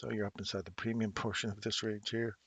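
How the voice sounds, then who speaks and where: A man in his fifties, originally from England, hosts a casual trading livestream, reading charts while chatting with viewers by name and laughing often. His lowish, fairly bright voice is slightly rough and level in tone, and he talks fast. A desk mic moved close picks him up with no echo.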